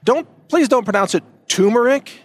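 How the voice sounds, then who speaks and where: A man on his own podcast, his voice pitched a little high for a man. He talks in a loose, rambling monologue, doubling back on his words and leaning hard on emphatic points. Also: normal speed, no echo. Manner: rambling, emphatic, many restarts. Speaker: podcast host. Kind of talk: casual monologue.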